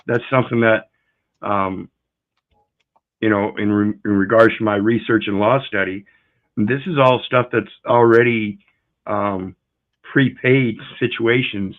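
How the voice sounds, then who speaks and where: A man calling in to a live stream, speaking slowly and hesitantly with many pauses. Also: fairly low pitch. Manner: slow, hesitant, lots of ums. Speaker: call-in guest. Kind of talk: casual live-stream chat. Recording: tinny phone-like line.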